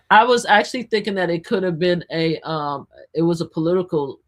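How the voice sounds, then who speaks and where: A woman co-hosting a live news talk stream in casual chat, animated and excitable, often restarting her sentences. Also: on the low side, normal speed. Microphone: streaming setup.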